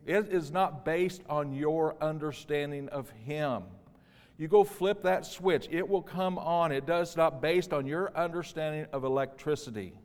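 A man preaching a sermon, moving between quiet, tender stretches and loud, emphatic passages. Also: on the high side, unhurried. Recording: long hall reverb.

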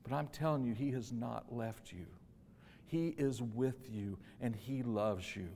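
Man giving a sermon, goes soft then loud and punchy, long echo like a big church. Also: mid-range voice, slow pace. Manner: swings from hushed and tender to loud and emphatic. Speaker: preacher. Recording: long hall reverb.

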